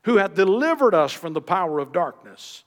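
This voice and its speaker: A man preaching a sermon with a high-pitched voice that rings out with long reverb, as if from a church sanctuary. He pushes up into emphatic peaks, then falls back to quiet, low phrases. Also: big pitch swings, moderate pace. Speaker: pastor.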